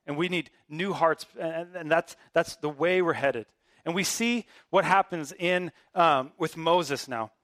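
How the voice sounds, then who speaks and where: High-voiced man preaching casually. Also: measured pace, a bit bright, no echo, clean studio sound. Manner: conversational, emphatic preaching with casual asides. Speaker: pastor. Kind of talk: sermon.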